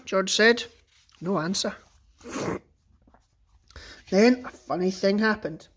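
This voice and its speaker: A man teacher reading a children's book aloud with expressive, lively storytelling. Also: high-pitched, slow pace.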